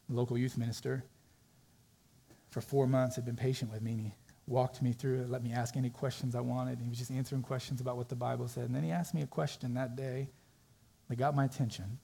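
Male preacher, husky and warm-toned, conversational storyteller who acts out dialogue. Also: mid-range voice, little pitch movement, a little fast, pauses often. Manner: storytelling with acted-out voices, conversational with fillers. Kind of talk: sermon.

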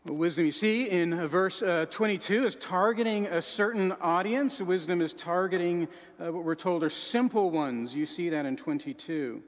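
A man preaching a sermon with dramatic swings, dropping to a soft sorrowful voice and rising to shouts. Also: high-pitched, moderate pace, big-room sound.

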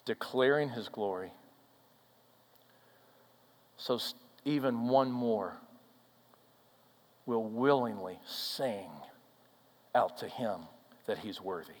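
A man's voice: lowish voice, slow pace, long pauses. Preaching man in a reverberant hall. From Minnesota, USA. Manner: storytelling preacher, swings from loud declarations to soft near-whispers. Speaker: pastor. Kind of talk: sermon.

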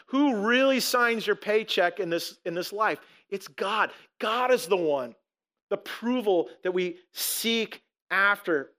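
A man's voice: high-pitched, pushed and bright. A man preaching a sermon as a pastor, emphatic, asking rhetorical questions and repeating words as he restarts.

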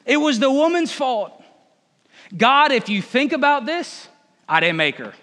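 Preacher playing Adam: defensive, whiny, high pitch, reverberant hall. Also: male voice, big pitch swings, unhurried, sharp tone, full character voice. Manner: protesting, whining. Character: defensive man, Adam, blaming others.

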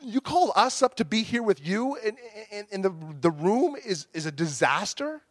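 A man with a fairly high, sing-song voice preaches a storytelling sermon at a slightly fast clip. The recording is close and dry, with no room sound around him. He tells a story from his own life, acting out his angry outbursts alongside the gentler replies.

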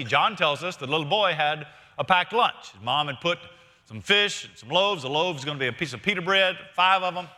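A middle-aged man preaches in a relaxed, storytelling manner, peppering his sermon with questions to the congregation. His voice is sharply bright and sits a little high for a man. The sound carries a long reverb from a church hall. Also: normal speed. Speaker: pastor.

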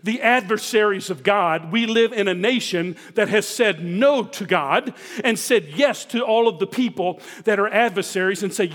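A pastor preaching a sermon, emphatic and full of rhetorical questions put to the congregation. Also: male voice, high voice, normal speed, fairly bright tone, long reverb tail.

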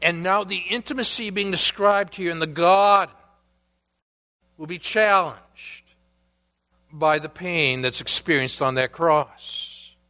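Male pastor, sermon delivery, bright tone, unhurried pace. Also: high voice. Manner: preaching, questions to the congregation, swings from loud to hushed.

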